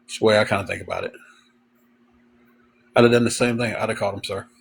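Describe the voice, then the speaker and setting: A man's voice: fairly low pitch, fairly even intonation, fast, vocal fry, slightly rough, low-quality recording. A man, hosting a livestream and telling rambling stories to viewers, full of fillers and chuckles. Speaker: livestream host. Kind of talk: casual storytelling to viewers.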